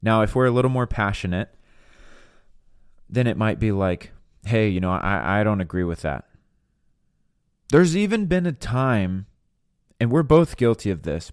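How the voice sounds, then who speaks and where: Young guy, low voice, earnest podcast preacher chatting casually, dry sound. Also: smooth, no room sound. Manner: earnest, candid, conversational. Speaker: podcast host and minister. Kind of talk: casual teaching monologue.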